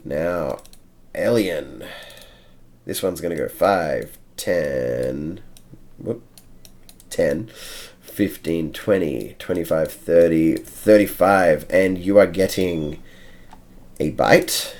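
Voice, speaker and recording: A man's voice: low-pitched, very slow, long pauses, a little mellow. A man running a tabletop game as game master, narrating the action and counting out moves step by step.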